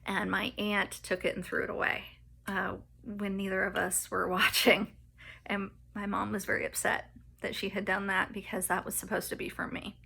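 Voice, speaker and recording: A woman recounts her own story in a personal vlog. Her voice is bright with a gravelly edge, and she talks hesitantly, full of ums and restarts. She stays close to tears and covers the hard parts with nervous laughter. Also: medium pitch, little pitch movement, normal speed. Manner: hesitant, many fillers and restarts; laughs nervously at painful moments. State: emotional, near tears. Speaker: vlogger telling her life story.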